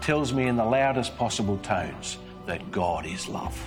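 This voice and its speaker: A man giving a scripted devotional presentation, telling it in an earnest, measured storytelling manner. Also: lowish voice, animated, music in the background. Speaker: Christian speaker.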